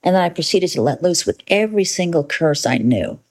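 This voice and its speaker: A woman telling a personal story in an animated monologue, brash and emphatic, with playful, inventive cursing. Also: deep voice, brisk.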